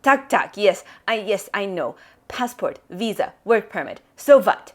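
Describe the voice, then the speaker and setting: Woman putting on a snappish old dad, broken English, lowish voice, insistent. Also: moderate pace, close to an everyday voice. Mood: cross. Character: excitable stubborn 84-year-old Ukrainian father.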